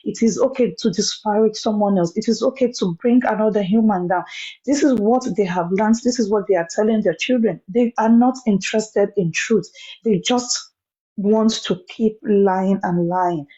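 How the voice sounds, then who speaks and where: A woman's voice: mid-range voice, moderate pace, mellow, highs cut off. A woman joining a live stream to give earnest, preachy commentary, repeating points for emphasis. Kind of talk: impassioned commentary.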